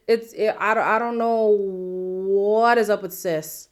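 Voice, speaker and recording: A woman with a mid-range voice chats through a reality TV recap. She sounds incredulous and sassy, with quick asides. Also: medium pitch, steady tone. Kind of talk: casual recap commentary.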